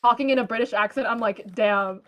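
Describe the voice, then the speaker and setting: A woman co-hosting a casual podcast chat while gaming, animated and swearing freely as she acts out her reactions. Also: fairly high pitch, a little fast, dull audio. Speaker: podcast co-host.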